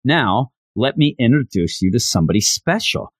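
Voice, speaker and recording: A man giving an enthusiastic, rambling recap of an animated series. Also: medium pitch, moderate pace, no room sound. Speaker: show reviewer. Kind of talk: casual recap.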